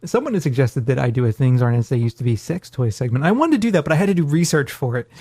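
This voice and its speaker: A man's voice: mid-range voice, sing-song, very fast, mellow, husky, no echo. A man co-hosting a podcast in casual chat, joking and rambling with self-deprecating asides. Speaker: podcast co-host.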